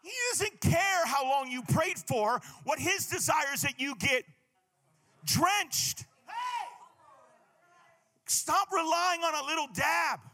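A man preaching as a pastor, shouting key phrases and acting out quotes in a sermon. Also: very high-pitched, lively intonation, slow, pauses often.

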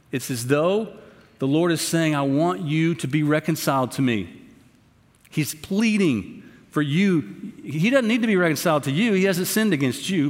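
Impassioned male pastor in an echoing hall. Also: on the high side. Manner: impassioned, pleading, animated delivery. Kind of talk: sermon. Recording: long hall reverb.

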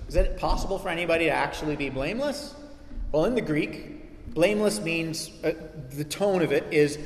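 A male pastor preaching a sermon, animated, acting out quoted voices with sarcasm. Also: on the high side, moderate pace. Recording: echoey hall reverb.

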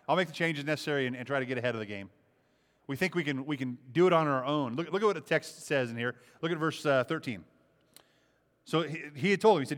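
A man's voice: a little high, fast, a bit bright. A man preaching a sermon, impassioned, repeating phrases and acting out the speech he quotes. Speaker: pastor.

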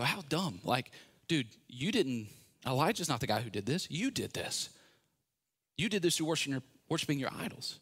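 Man, pastor, casual sermon, conversational, middle pitch, playful asides. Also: fairly bright tone.

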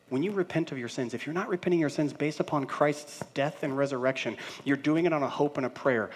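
A man in his thirties, a pastor, preaching a sermon in an easy, conversational style. He acts out the voices of the people he quotes, and his loudness rises and drops as he talks. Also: mid-range voice, a little fast.

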